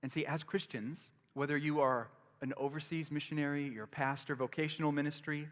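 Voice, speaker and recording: A man's voice: a little high, fairly even intonation, a little fast, long reverb tail. A man preaching a sermon as pastor, earnest and repetitive, often restarting his phrases.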